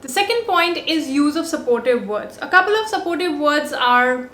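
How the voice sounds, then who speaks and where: A woman's voice: high-pitched, lively intonation, moderate pace, few pauses, bright, forceful tone, a little hiss or hum. A woman hosting a body language vlog, giving upbeat, emphatic scripted advice point by point. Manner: upbeat, emphatic list delivery. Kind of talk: scripted talking-head advice. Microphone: compact on-camera mic. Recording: roomy echo.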